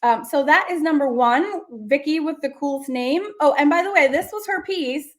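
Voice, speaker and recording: A bubbly woman teaching art in a relaxed livestream, her voice pitched high. She gushes over student work and chats along freely, full of fillers. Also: moderate pace. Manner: bubbly, gushing, chatty with many fillers. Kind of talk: casual livestream lesson.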